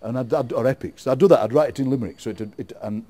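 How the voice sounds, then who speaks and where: A middle-aged Yorkshire man talks at an easy, rambling pace in a relaxed interview. His tone is mellow and dark, and he laughs readily as he spins playful ideas. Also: medium pitch, quick pace. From England. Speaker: guest poet. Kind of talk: casual interview chat.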